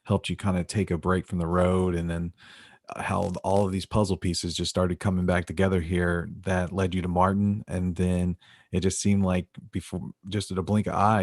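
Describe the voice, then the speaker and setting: Male interviewer, low monotone voice, dry close sound, wordy questions. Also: normal speed, no room sound. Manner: long, winding questions that restate the guest's story. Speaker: podcast host.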